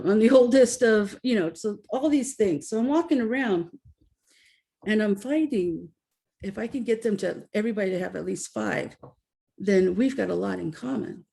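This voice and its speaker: A middle-aged woman educator speaks to an audience in a talk, her voice mellow and low in brightness with a touch of vocal fry. She tells stories in an animated way and slips into the voices of the people she quotes. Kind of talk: presentation with anecdotes.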